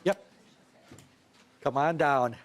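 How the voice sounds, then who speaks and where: A man chairing a legislative committee hearing, speaking gently and reassuringly to witnesses, a little off his table microphone. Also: on the high side, very slow.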